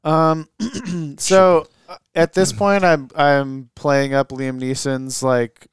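Man, podcast co-host, slightly higher pitch, laid-back movie recap. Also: level tone, slow pace, smooth, no room sound. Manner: laid-back, filler-heavy storytelling. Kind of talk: casual chat, recapping a movie. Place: garage.

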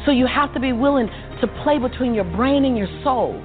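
A female guest recounts her life story in a lively, motivational way, acting out dialogue and laughing often. Her voice sits high and she speaks briskly, over a tinny, phone-like recording with faint music.

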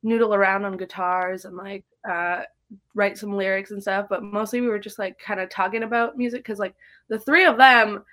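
A woman's voice: medium pitch, fairly even intonation, normal speed, fairly bright tone. A young woman who drums and teaches, telling stories in a casual podcast interview, chatty and full of fillers. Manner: chatty, storytelling, many likes and fillers. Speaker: guest drummer and drum teacher.

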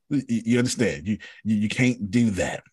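A bishop teaches on a video call in a low, husky voice that swings widely in pitch. He is emphatic, repeats his points and calls on listeners by name. The sound is close and dry. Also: darkish tone, no room sound. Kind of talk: animated teaching talk.

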